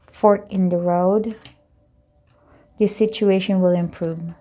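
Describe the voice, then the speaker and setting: A woman talks through a tarot reading in a warm, mellow voice. She explains in a casual, rambling way, circling back to restate her points. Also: mid-range voice, steady tone, slow pace. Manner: chatty, loosely explaining, repeats and rephrases. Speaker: tarot reader.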